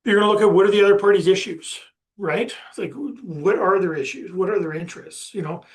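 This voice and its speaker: A man's voice: sits high, brisk. A man presenting a lesson on negotiation in a conversational, rambling way, with many restarts and fillers. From Canada.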